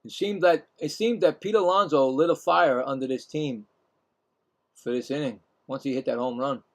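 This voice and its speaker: A man with a Brooklyn accent hosting a casual live play-by-play stream, chatting and rambling between pitches. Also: normal speed. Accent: Brooklyn New York.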